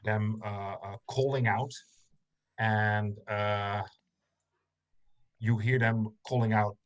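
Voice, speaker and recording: A man narrating a tabletop game as game master, pausing often with ums and restarts. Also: on the low side, fairly even intonation, highs cut off. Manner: hesitant, many ums and restarts.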